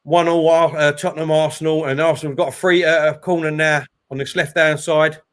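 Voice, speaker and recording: Excitable high-voiced man calling football. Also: a little fast. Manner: excitable, shouts at big chances. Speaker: watchalong host. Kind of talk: live football watchalong commentary.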